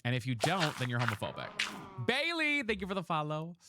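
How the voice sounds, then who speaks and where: Chatty, animated male game streamer. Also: on the high side, quick pace, very noisy. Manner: chatty and dramatic, thanks viewers by name. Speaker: live streamer. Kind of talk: casual live-stream chat while gaming.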